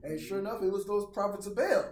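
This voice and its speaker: A man's voice: sits high, a little mellow. A man, a pastor, teaching a worship class in a casual, joking, conversational way. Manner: informal, joking, acts out quick voices. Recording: echoey room, far from mic, audience around.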